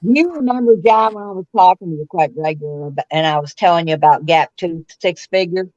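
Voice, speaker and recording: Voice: mid-range voice, a little fast, a little mellow, no room sound. Guest speaking over muffled call audio. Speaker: guest on a live stream call. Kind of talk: casual chat.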